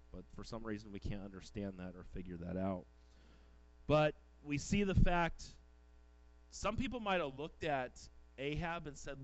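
A man's voice: mid-range voice, no echo, lo-fi sound. A male pastor preaching a sermon, reading old-fashioned scripture aloud and then exhorting his congregation.

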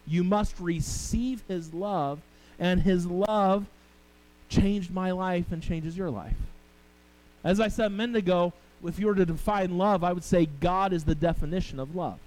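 A man's voice: high-pitched, unhurried, darkish tone, low-quality recording. A middle-aged male pastor preaching a sermon, telling family stories and talking with the congregation. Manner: storytelling, conversational with the congregation.

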